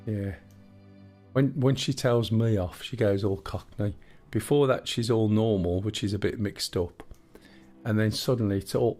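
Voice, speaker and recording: A man's voice: on the low side, unhurried, darkish tone, faint music behind. A man in his sixties hosting a live game stream, chatting casually with rambling, jokey asides. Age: 60s. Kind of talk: casual gameplay chat.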